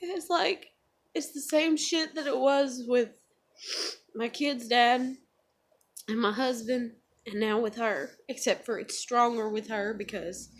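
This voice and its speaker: A woman's voice: on the high side, takes it slowly. A woman, talking emotionally and rambling with lots of fillers in a confessional vlog. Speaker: vlogger.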